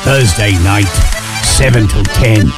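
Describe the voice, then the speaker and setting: Man putting on a gruff pirate captain. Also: fairly low pitch, slow pace. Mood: swaggering. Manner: growling, threatening in jest. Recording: radio promo over music and crowd noise.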